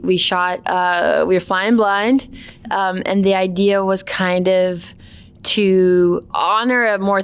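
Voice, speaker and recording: A woman's voice: on the low side, smooth. A woman filmmaker who also acted in the film, talking loosely and rambling with fillers in an interview. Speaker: filmmaker and lead actor. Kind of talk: casual interview.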